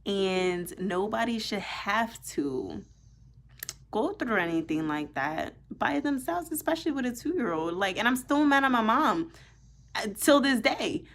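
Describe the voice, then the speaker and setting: A young woman vlogger telling a personal story straight to camera. She speaks in an animated, emphatic way, swearing freely and leaning on "like" throughout. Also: fairly high pitch, measured pace. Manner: animated, profane, emphatic, heavy use of "like". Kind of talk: casual storytime monologue.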